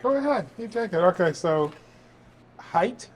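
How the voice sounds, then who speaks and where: A man's voice: high-pitched, animated, unhurried. A man hosting a casual date chat, teasing and joking playfully. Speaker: host.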